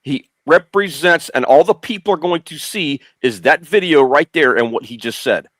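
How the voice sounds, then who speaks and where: A man's voice: a little high, animated, moderate pace, a bit bright, no echo. A middle-aged man speaking as a guest on a political talk show, blunt and insistent, repeating his points. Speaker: guest commentator.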